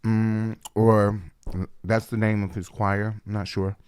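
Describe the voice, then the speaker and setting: A man with a low voice chats casually as a reaction host, thinking aloud and pausing on fillers. His sound is dry and close, with no room around it. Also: little pitch movement, a little mellow, smooth, no echo. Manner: musing, hesitant, filler-heavy. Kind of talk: casual commentary.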